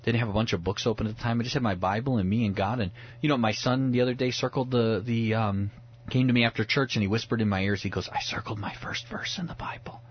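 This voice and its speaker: A man's voice: mid-range voice, quick pace, slightly rough, highs cut off. A man speaking as a pastor and radio guest, teaching on a Bible passage in an earnest, reflective way, often restarting his sentences.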